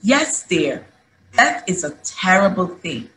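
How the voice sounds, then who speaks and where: Woman reading warm mother figure, soft and comforting, unhurried. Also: on the low side, sing-song, reverberant, a little hiss or hum, full character voice, rough recording. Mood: gentle. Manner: soft, reassuring. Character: gentle, hopeful mother.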